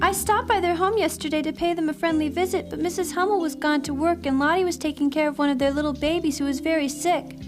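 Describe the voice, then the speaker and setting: Soft-spoken, gentle teen girl in a cartoon, tired and unwell, high voice over clear music. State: tired and pale with no appetite. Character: gentle, shy teenage girl feeling unwell. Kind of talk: animated series dub.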